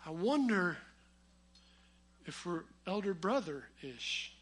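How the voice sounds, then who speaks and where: High-voiced bright preacher. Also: male voice, sing-song, slow, slightly rough. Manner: storytelling with humor, swings between loud emphasis and quiet asides. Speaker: pastor. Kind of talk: sermon.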